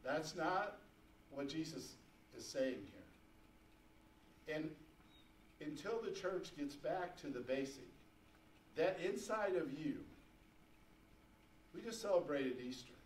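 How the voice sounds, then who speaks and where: Fervent preacher in an echoey church. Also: male voice, on the high side, lively intonation, slow, long pauses, a little hiss or hum. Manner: folksy, rising to fervent emphasis. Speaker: pastor. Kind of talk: sermon. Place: church sanctuary. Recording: echoey church room, mic at a distance.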